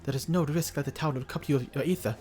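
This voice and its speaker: A courteous tribeswoman, voiced by a male streamer who reads her lines fast in a put-on accent. She is earnest, and she trips over a word now and then. Faint music plays underneath. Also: fairly high pitch, darkish tone, natural voice. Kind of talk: reading game dialogue aloud.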